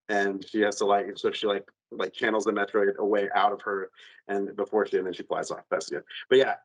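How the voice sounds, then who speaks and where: A man on a podcast, retelling a video game ending in an animated, rambling way with lots of fillers and some cursing. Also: fairly low pitch, rough recording. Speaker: podcast co-host. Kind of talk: casual chat.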